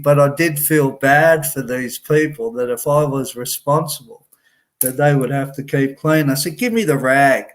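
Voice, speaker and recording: Slow, halting man telling his story. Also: fairly high pitch. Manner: halting, with many restarts and repeated words; wry, laughs at his own memories. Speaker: person recounting his time in a residential program. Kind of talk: personal storytelling.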